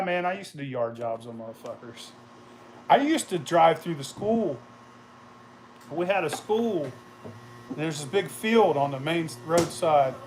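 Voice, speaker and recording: A man's voice: on the high side, darkish tone, slight background noise. A man hosting a casual show, telling rambling, profane stories about his past and laughing along as he goes. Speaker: host. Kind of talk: casual storytelling.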